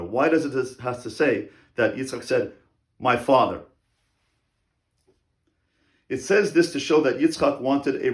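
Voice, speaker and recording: A man teaching as a rabbi in a religious lecture on parenting, speaking deliberately and repeating key phrases for emphasis. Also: mid-range voice, reverberant.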